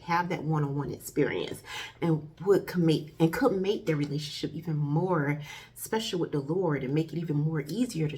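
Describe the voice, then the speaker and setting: A woman's voice: lowish voice, darkish tone. A woman chatting casually as she reviews a movie for her channel, talking to her viewers as "y'all". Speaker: faith-based movie reviewer. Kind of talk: casual video review chat.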